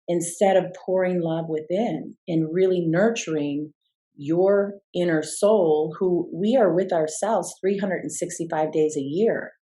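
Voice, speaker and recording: Casting: middle-aged woman, low voice, reflective coach telling a personal story. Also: mellow. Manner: reflective, slows down to stress key words. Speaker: guest, former swimmer and mindset coach. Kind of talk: storytelling in a podcast interview.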